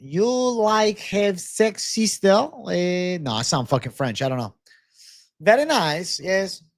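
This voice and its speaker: Casting: a man hamming up a silly foreign accent, pitched way up, dry close sound. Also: expressive, slow pace, no room sound, full character voice. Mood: clowning. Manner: exaggerated, clowning, broken English. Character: jokey man with a hammy put-on foreign accent.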